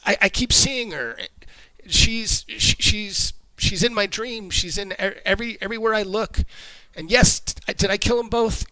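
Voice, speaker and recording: A man's voice: on the high side, very animated, racing, hardly any pauses, a bit bright, dry recording, low-quality recording. A man voicing a drunk, guilt-ridden male stable hand who stammers frantically and scowls at strangers. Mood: panicked.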